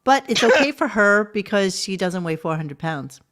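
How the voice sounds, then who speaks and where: A woman's voice: mid-range voice, lively intonation, normal speed, a bit bright. A woman hosting a podcast, chatting casually in a wry, blunt, joking way. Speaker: podcast host. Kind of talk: casual chat.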